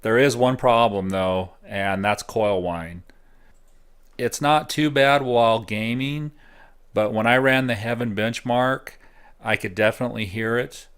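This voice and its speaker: A middle-aged man giving a relaxed, casual review of computer hardware at home, thinking out loud with frequent pauses. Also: medium pitch, smooth. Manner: relaxed, thinking aloud with fillers. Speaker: tech reviewer.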